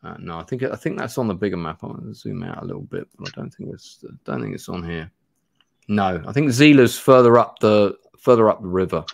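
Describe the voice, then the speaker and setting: A man's voice: deep voice, big pitch swings, brisk, gravelly, dry recording, studio quality. A man hosting a live stream, reading a gamebook aloud and chatting in a rambling, self-deprecating way. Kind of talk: live-stream play-through narration and chat.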